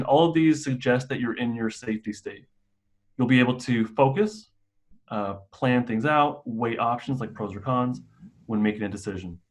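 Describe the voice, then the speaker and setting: A man who works as a mental health clinician, presenting a staff and parent training in a casual, explanatory way with occasional restarts. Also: medium pitch.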